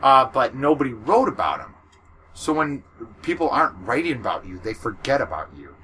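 Animated, bright-voiced podcast guy. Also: medium pitch, normal speed, a little hiss or hum. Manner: animated, rambling with restarts and jokes. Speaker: podcast co-host. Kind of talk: casual chat.

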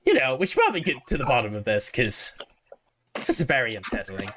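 A man voicing a jittery young male mechanic with a squeaky voice and stammering, nervous speech. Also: wildly swooping pitch, quick pace, fairly bright tone, slight background noise. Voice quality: squeaky, rat-like.

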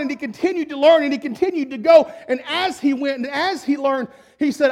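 High-voiced male preacher telling a story. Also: fairly quick, hardly any pauses. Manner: emphatic, with wide swings between loud and hushed. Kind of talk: storytelling sermon.

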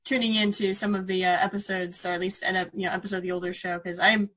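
A woman's voice: medium pitch, level tone, quick pace, a bit bright. A woman co-hosting a podcast, chatting casually and asking curious questions. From United States. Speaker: podcast co-host. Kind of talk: casual chat.

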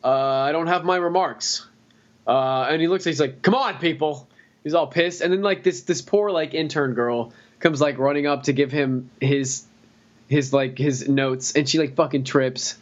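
A man's voice: fairly high pitch, normal speed. A young man co-hosting a podcast in casual chat, rambling, swearing and laughing often. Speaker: podcast co-host. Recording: dull lo-fi podcast audio.

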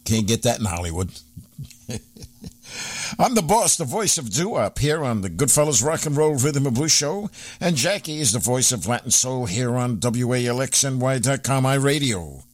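Lively chatty New radio host. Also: male voice, mid-range voice, normal speed, dry recording. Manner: animated, chatty, many fillers. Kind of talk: casual radio chat.

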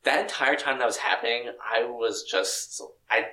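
Excitable young man in a roomy space. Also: medium pitch, normal speed, far from the mic. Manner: excitable, filler-heavy, laughs often. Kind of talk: casual film discussion.

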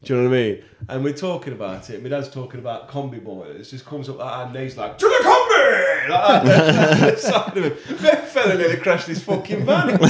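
A man's voice: medium pitch, sing-song, fast talker, hardly any pauses, crowd noise. A young man co-hosting a casual podcast who often laughs and swears easily. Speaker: podcast co-host. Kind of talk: casual chat.

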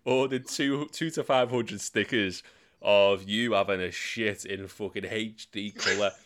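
Bright-voiced crude lad. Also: male voice, measured pace. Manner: swears freely, laughs while telling stories, mimics voices in sudden high bursts. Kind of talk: crude casual storytelling.

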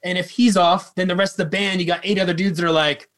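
A man's voice: high-pitched, fairly even intonation, quick pace, fairly bright tone. A man working as a drum tech, telling a story in a casual, rambling way, full of fillers and swearing.

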